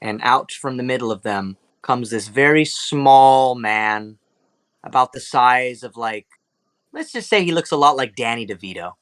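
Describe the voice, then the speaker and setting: A man's voice: mid-range voice, expressive, a little slow, fairly bright tone, dry recording. A young man narrating a tabletop game as game master in a loose, casual way full of fillers.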